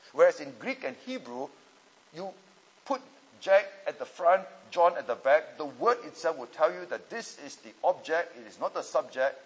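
A man's voice: a little high, husky. A man, a pastor and Bible teacher, answering student questions in a teaching session and often checking that listeners follow. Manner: explanatory, asks checking questions. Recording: long hall reverb.

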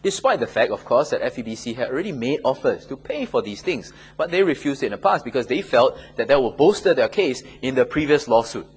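A man's voice: medium pitch, big pitch swings, a little fast, few pauses, slightly rough, rough recording. A man teaching a Bible class, answering questions conversationally and often checking in with "okay?" and "right?".

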